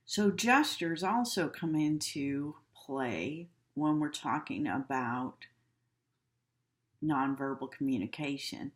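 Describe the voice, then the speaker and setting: A woman teaching a class from her home, explaining and acting out examples in a demonstrative way. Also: a bass voice. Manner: slow, demonstrative, acts out tones and gestures. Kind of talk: recorded class lecture from home.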